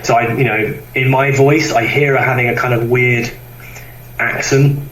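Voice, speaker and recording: A man's voice: mid-range voice, little pitch movement, moderate pace, a bit bright, echoey room, distant mic, a little hiss or hum, poor audio. A man who publishes comics, talking casually on a podcast and rambling with lots of fillers and restarts.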